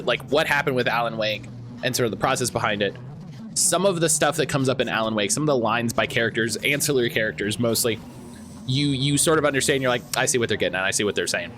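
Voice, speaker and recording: Animated man chatting on a game stream. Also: mid-range voice. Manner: rambling, excitable, greets chat by name. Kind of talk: casual live-stream chat.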